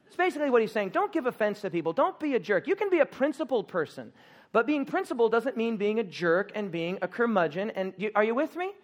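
A pastor with a high-pitched voice preaches fast in church, animated and funny, shouting out questions for the congregation to answer.

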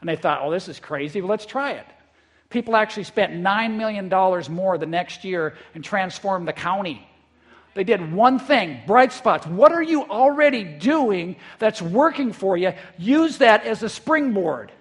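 High-voiced man preaching a lively sermon. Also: measured pace. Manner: lively, repeats words when excited. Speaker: pastor. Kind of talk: conversational sermon. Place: church in eastern South Dakota.

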